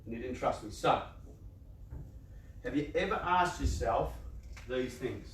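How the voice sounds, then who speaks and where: A man's voice: mid-range voice, lively intonation, unhurried, slight background noise. A man gives a motivational talk to a live audience in a large room. He talks conversationally and playfully, laughs often, and acts out people's inner voices. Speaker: youth organisation speaker. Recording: echoey room, voice picked up from a distance.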